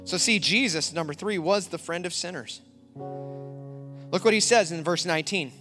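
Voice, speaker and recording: A middle-aged male pastor preaching a sermon to a congregation, telling a personal story and rising to forceful emphasis. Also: sits high, moderate pace, soft background music. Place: church before a congregation.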